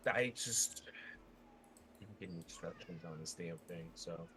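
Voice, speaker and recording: A man playing a tabletop game, excitable and quick to laugh, jumping from quiet asides to loud outbursts. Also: low-pitched, slight background noise. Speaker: player.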